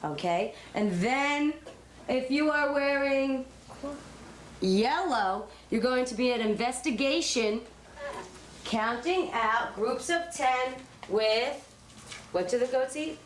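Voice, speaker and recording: A woman kindergarten teacher reading a story aloud to children in a classroom, slow, sing-song and encouraging. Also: high voice, lively intonation. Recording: echoey classroom on noisy old tape.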